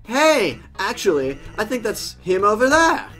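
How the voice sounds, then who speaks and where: A player puts on a slouching, punning skeleton guy who can't be bothered to work. His voice is bright and swings around a lot, and game music plays softly behind him. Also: medium pitch, big pitch swings, measured pace. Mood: laid-back. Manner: easygoing, punning. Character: lazy joking male skeleton, laid-back.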